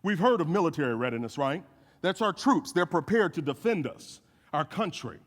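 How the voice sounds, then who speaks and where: A man's voice: fairly high pitch, normal speed. Man preaching in an echoey hall. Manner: animated storytelling with folksy asides. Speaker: guest speaker. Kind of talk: sermon. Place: church sanctuary.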